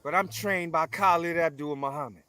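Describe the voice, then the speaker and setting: A man speaking as an interview guest in a forceful, emphatic, preaching way, full of repetition and blunt profanity. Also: fairly high pitch, normal speed. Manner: forceful, emphatic, preaching cadence with repeated phrases. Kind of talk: confrontational conversational interview.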